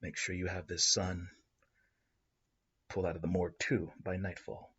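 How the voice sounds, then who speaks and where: A man voicing a scheming male corporate hacker boss who gives quiet, relishing commands. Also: low voice, flat delivery, normal speed, slightly rough, exaggerated voice. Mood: gloating. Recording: dull lo-fi recording.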